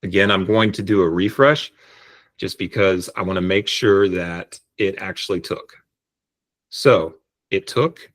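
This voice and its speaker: A man explaining step by step how to set up an AI voice agent, speaking on a video call in a relaxed, explanatory way. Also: low-pitched, a little slow. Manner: relaxed, explanatory, frequent restarts. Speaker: tutorial presenter. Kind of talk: screen-share software tutorial.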